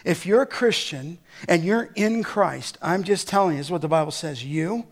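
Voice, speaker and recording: High-voiced man preaching emphatically. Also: expressive. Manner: emphatic preaching, slowing for scripture and rising to near-shouts. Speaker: pastor. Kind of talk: sermon.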